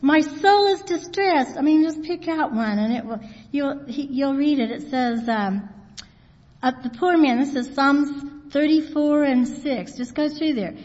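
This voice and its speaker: A woman giving an informal sermon, reading scripture slowly and then talking it through plainly. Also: sits high, a little mellow. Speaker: Bible teacher. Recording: dull sound in a hall with long reverb.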